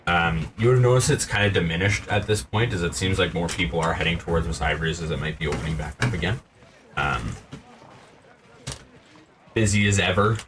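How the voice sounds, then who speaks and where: A man narrating a tabletop game as game master, relaxed and rambling, with many fillers. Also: low-pitched, a little fast, long pauses. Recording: distant mic, noisy room.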